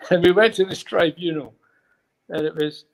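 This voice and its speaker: A man's voice: sits high, moderate pace, creaky, rough recording. Older Scottish man telling stories. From Scotland. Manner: rambling, anecdotal, with chuckles. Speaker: guest, former footballer. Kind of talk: casual storytelling.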